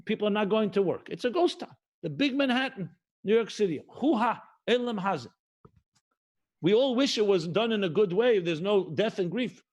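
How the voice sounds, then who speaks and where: Middle-aged rabbi guy, high voice, preaching a livestream sermon, lots of repeating and slowing down on the big words. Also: expressive, darkish tone. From United States. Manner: emphatic, repetitive cadence, mixes Hebrew and Yiddish terms; slows and stretches key phrases.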